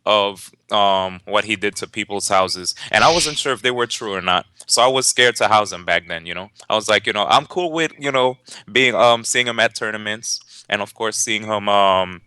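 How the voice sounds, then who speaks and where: A young man, a tournament organizer and commentator, casually telling a story in an interview, lively and laughing, with many fillers and restarts. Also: lowish voice, moderate pace, clear, resonant tone, dry recording.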